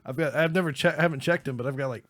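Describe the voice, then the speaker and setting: A man's voice: fairly high pitch, rapid-fire, a bit bright, no echo. A man hosting a casual comedy talk show, laughing often between lines. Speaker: podcast host.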